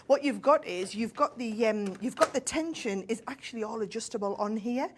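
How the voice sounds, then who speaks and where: A woman's voice: fairly high pitch, moderate pace, a little hiss or hum. A woman with a northern English accent giving a chatty step-by-step sewing demonstration, checking in with "right?" as she goes. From northern England. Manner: chatty, explains step by step, tag questions. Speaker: crafting guest expert.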